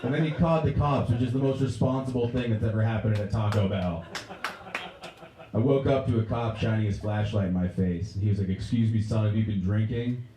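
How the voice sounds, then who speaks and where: A young man from Pennsylvania doing a stand-up routine in a Pennsylvania accent, telling stories deadpan and breaking into raised voices for other people. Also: on the low side, fairly quick, far from the mic, background noise. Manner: deadpan storytelling, acts out characters in raised voices. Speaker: stand-up comedian. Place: movie theater stage. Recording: echoey room.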